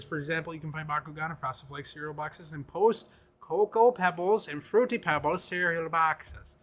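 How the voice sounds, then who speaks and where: A young man from Minnesota co-hosting a podcast, chatting casually in an excitable, profane, jokey way. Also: fairly high pitch, moderate pace. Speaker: podcast co-host. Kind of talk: casual chat.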